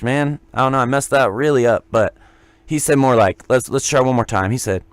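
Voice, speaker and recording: Man, podcast co-host, loose joking storyteller, mid pitch, dry close sound. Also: fairly quick, smooth, dry recording. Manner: rambling, joking anecdotes. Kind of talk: casual storytelling.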